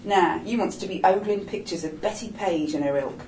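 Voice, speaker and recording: A woman's voice: medium pitch, normal speed, a little mellow, faint music behind, lightly acted. A woman voicing a streetwise older man, cheeky, coaxing and full of slang, in a storybook reading. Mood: mocking. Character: streetwise older gay man, wry and bossy. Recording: roomy echo, distant mic.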